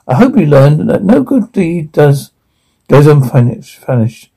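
Gravelly man with a dark, fry-laden voice. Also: a little high, big pitch swings, unhurried, poor audio.

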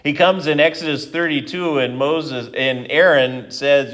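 A male pastor giving a sermon, reading scripture, then telling a story in a relaxed, conversational way with frequent restarts. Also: fairly high pitch, unhurried, hardly any pauses.

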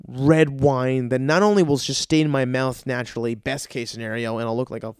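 A man's voice: mid-range voice, steady tone, normal speed, a little mellow, smooth, no room sound, studio quality. A man from the United States telling a comedic story as a rant, exasperated, sarcastic and swearing constantly.

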